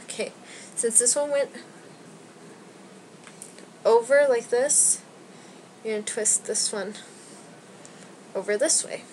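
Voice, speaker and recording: Speaking slowly in a fairly high, slightly mellow voice with frequent pauses, a young beauty vlogger walks through a casual at-home hair tutorial. She rambles, puts herself down, says "like" constantly, and is a little out of breath. The recording is rough, with slight background noise.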